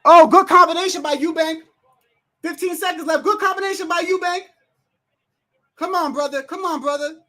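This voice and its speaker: A livestream host giving live, excitable commentary while watching a fight, often exclaiming, swearing freely, and talking straight to the fighters and referee. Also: extremely high pitch, normal speed, pauses often. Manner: reads viewer messages aloud.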